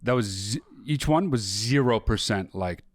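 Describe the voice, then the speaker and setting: A man co-hosting a podcast in casual chat, riffing in an animated, exasperated way. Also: on the low side, moderate pace, dry recording, studio quality. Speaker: podcast co-host.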